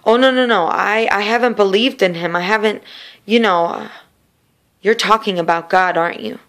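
A woman's voice: mid-range voice, moderate pace, a bit bright, close to an everyday voice. A woman voicing a bewildered young woman who stammers as she protests. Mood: startled. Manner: hesitant, stammering.

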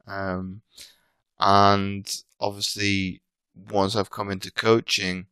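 A very low-pitched British man in his thirties, chatting casually as a podcast guest. He rambles and keeps restarting his sentences. The sound is dry and close, with no room echo. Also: little pitch movement, slow pace, pushed and bright, smooth. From Britain. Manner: rambling, frequent restarts and self-corrections. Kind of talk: casual interview chat.

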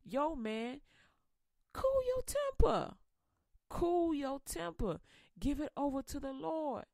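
A woman's voice: high voice, very animated, slow, gravelly, warm tone, no echo, full character voice. An old grandfather, played by a woman storyteller, urging a hot-headed young man to cool off. His speech is firm and advising, recorded close and dry. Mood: admonishing. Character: old grandfather, calm and admonishing.

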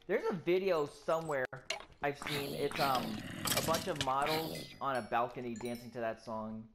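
A let's play gamer giving live gameplay commentary, excitable and swearing constantly while exploring. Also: medium pitch, normal speed, background noise.

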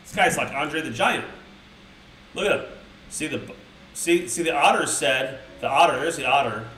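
Casual streamer who swears through a storybook, slightly high voice, a bit far from the mic. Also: male voice, normal speed, fairly bright tone, a little hiss or hum. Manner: rambling, crude, mock-outraged asides. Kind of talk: reading a children's book with profane commentary to a live chat. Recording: roomy sound from a distant mic.

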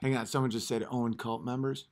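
A man is live-streaming and ranting at his chat, combative and profane, repeating short phrases and swinging from muttering to yelling. His voice is mid-range with little pitch movement, and he talks quickly.

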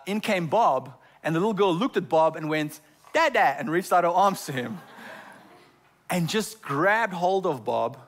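A male pastor preaches in a church. His voice sits a little high for a man, and he often trips over repeated words before moving on. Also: fairly bright tone. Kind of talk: sermon. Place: church sanctuary.

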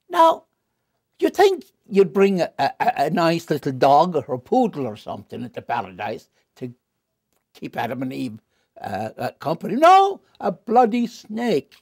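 A man in a candid interview, a wry and animated storyteller who jumps up in pitch for punchlines and drops low and quiet on serious confessions. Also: gravelly, no room sound, studio quality. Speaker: interview guest.

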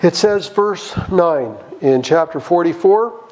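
Animated high-voiced man teaching Bible study. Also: takes it slowly, poor audio. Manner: animated, addresses listeners directly, acts out biblical characters. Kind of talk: church Bible study talk.

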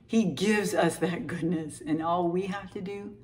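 A young woman talks about her faith in an easy, rambling way. She is chatty and animated and leans on plenty of fillers. Her voice sits a little low for a woman. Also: measured pace, heavy background noise. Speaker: faith vlogger. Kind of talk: casual faith talk to camera.

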